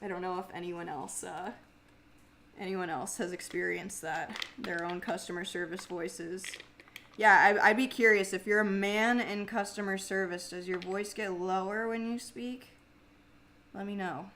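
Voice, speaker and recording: A woman's voice: steady tone, measured pace, a bit bright, a little hiss or hum. Young woman, mumbly grumbly voice, casual stream chat, swears freely. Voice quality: mumbly, grumbly low speaking voice. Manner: chatty and swears freely, laughing often. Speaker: livestream host and singer. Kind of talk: casual livestream chat reading viewer comments.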